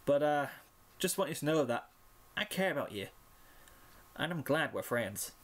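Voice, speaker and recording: A man voicing a steady, caring young farm pony mare in a fan fiction reading, earnest and plain-spoken. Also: fairly high pitch, moderate pace, pitched above the performer's own voice.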